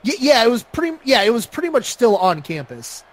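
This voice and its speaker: A man's voice: very high voice, sing-song, fairly quick. A young man co-hosting a casual chat, rambling through a story with many fillers. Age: young adult. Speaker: podcast co-host.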